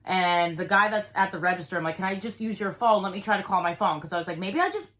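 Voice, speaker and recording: A woman telling a story in a casual chat, rambling and animated, with lots of filler words. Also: fairly low pitch, quick pace.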